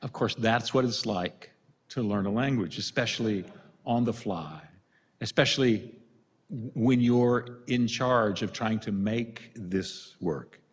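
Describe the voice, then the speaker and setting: The long reverb of a big hall surrounds an older male priest from the US as he gives a retreat talk, mixing stories with self-deprecating humor. He speaks slowly in a fairly low, husky voice.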